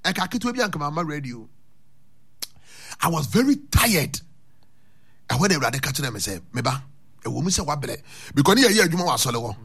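A man's voice: on the high side, very animated, fairly quick, vocal fry, pauses often, fairly bright tone, husky. A man preaching a radio sermon, switching between languages and chanting lines for his listeners to repeat. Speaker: radio pastor. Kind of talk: radio sermon with call and response.

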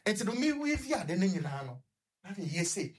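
Husky Ghanaian man telling a story. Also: high-pitched, big pitch swings. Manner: halting, with stuttered repetitions. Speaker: guest on a radio discussion. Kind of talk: personal storytelling in conversation.

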